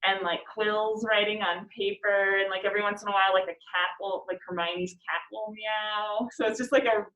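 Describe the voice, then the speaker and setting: A woman's voice: mid-range voice, fairly even intonation, normal speed, hardly any pauses, fairly bright tone, lo-fi sound. Chatty woman teacher in an echoey room. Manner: chatty, laughs often, reads lines aloud. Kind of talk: classroom poetry discussion.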